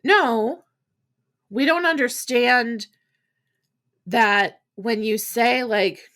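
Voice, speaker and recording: Bright-voiced woman hosting a frank podcast. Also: a little high. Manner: frank and chatty, with casual swearing; acts out quoted voices in quick asides. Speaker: podcast host. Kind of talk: candid solo podcast monologue.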